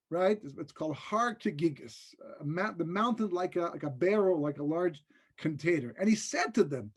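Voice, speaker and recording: A rabbi giving a conversational, joking Torah class in a webinar, often checking in with the listeners. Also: male voice, sits high. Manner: conversational and joking, with frequent rhetorical "right?". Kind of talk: casual Torah lecture over a webinar.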